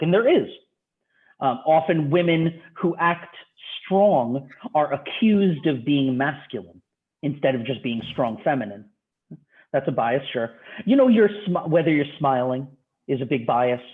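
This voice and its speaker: A man's voice: mid-range voice, lively intonation, a little slow. A male university instructor giving an online class lecture in a conversational way, firing off rhetorical questions to his students. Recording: tinny phone-like audio.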